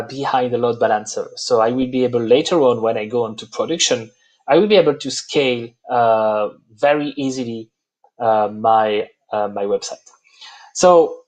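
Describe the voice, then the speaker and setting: French guy demoing software live, lots of uh's, stops and starts, middle pitch. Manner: halting, many "uh" fillers. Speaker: presenter. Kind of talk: live software demo walkthrough.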